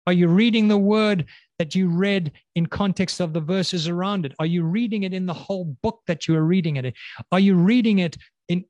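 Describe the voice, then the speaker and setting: A man preaching a sermon, pressing the listeners with repeated questions and slowing down to stress key words. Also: a little high, dry recording. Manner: questioning, emphatic, slows and drops on key words.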